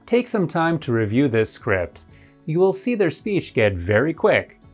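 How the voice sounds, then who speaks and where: Low-voiced woman explaining an English lesson. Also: big pitch swings, a little slow, a little mellow, faint music behind. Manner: clear, explanatory. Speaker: English teacher. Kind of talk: recorded lesson narration.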